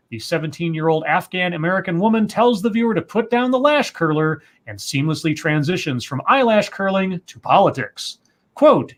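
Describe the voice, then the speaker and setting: A man co-hosting a livestream, reading news articles aloud and breaking in with asides and self-corrections. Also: sits high. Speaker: co-host.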